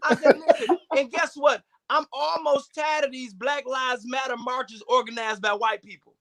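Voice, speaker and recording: High, bright-voiced animated male comedian. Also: normal speed, gravelly. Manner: animated, preacher-like call-outs. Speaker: guest comedian. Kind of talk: stand-up comedy set.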